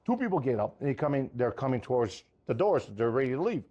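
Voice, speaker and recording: A man who owns a restaurant, telling a story in casual chat with animated, profane, fiery energy. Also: mid-range voice, fast talker, lo-fi sound. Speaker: restaurant owner.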